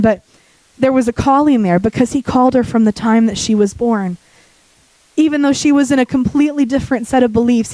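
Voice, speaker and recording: Woman preacher, sick, deepening voice, warm mellow tone, dry close sound, chatty sermon with joking asides. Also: no room sound, low-quality recording. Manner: conversational, joking asides to the congregation. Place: church.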